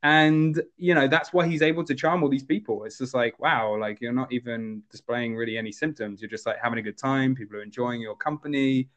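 A man casually discussing a film as a podcast co-host, animated and full of fillers. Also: brisk, hardly any pauses, dull audio. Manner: animated, jumps to high voices when quoting characters.

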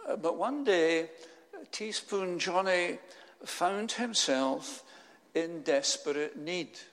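A man preaching a sermon, telling a story with slow, solemn pauses. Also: high-pitched, animated, a bit bright, long reverb tail.

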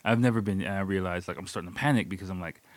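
A man's voice: deep voice, racing, no room sound. A man casually telling a personal story, loose and profane, often laughing as he talks. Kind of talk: casual spoken anecdote.

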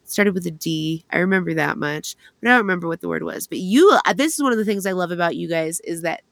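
A young woman with a lowish voice chats casually on a podcast, swearing freely and keeping the talk lively. The sound is dry and close, with no room around her. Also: fast talker, creaky, no echo. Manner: swears freely, animated and chatty. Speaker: podcast co-host. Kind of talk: casual chat.

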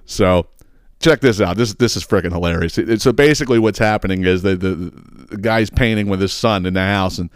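A man's voice: lowish voice, a little fast, clear, resonant tone, dry recording, clean studio sound. A man hosting a podcast, ranting casually with lots of swearing and laughter. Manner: profane, laughing often, animated. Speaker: podcast host. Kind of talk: casual comedic rant.

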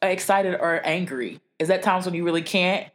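A woman's voice: fairly low pitch, moderate pace. A young woman co-hosting a podcast, joking and cursing freely in casual chat, laughing often. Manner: animated, joking, profane, laughs a lot. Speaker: podcast co-host.

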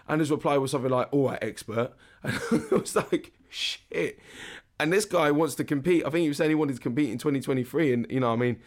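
A man's voice: a little high, steady tone, rapid-fire, few pauses. A man, hosting a casual podcast as a fitness coach, talking frankly with many restarts. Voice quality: husky. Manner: frank, rambling, lots of restarts and fillers.

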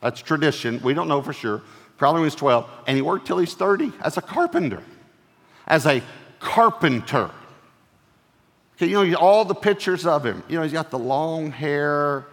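A male pastor preaching a sermon in an animated way, acting out quoted lines in playful voices and often laughing as he talks. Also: on the high side, moderate pace, big-room sound.

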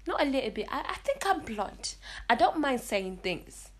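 A woman's voice: high-pitched, big pitch swings, moderate pace. A young woman hosts a casual solo podcast, chatty and blunt, restarting her sentences often. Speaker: podcast host.

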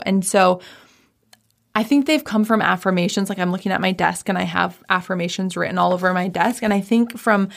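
A woman's voice: mid-range voice, vocal fry. A woman speaking as a business coach in a casual, upbeat talk from her home office, chatty and full of "like".

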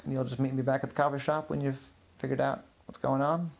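A man voicing an eager male client in an improvised audio story, with a gravelly, husky voice raised in pitch. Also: flat delivery, fast.

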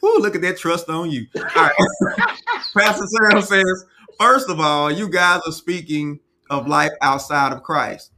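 A man's voice: fairly high pitch, big pitch swings, unhurried, background noise. A man hosting a casual live chat, reading viewer comments aloud and giving firm opinions.

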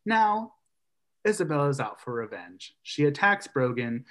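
A man co-hosting a casual podcast, retelling a story in an animated way and acting out the characters' lines. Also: on the high side, a little slow.

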